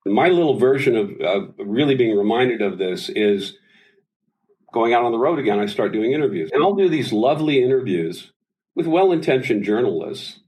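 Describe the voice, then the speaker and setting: Man in his sixties, interview guest, animated storyteller, mid-pitched voice. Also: normal speed, rough recording. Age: 60s. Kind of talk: casual interview talk.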